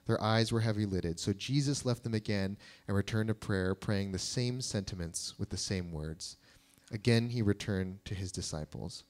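A young adult man giving a sermon as a pastor, in a relaxed, conversational way with jokes for the congregation. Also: fairly low pitch, normal speed. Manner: casual and conversational, joking with the congregation.

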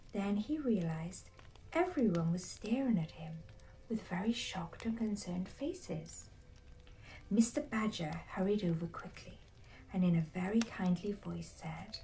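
Woman storyteller, soft hushed bedtime narration, mellow tone, slightly distant mic. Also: on the low side.

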